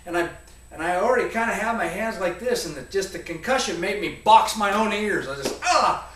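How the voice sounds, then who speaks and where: A man around forty, telling a comic story to an audience in a rambling, animated way. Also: high-pitched, brisk. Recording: echoey room, voice from a distance.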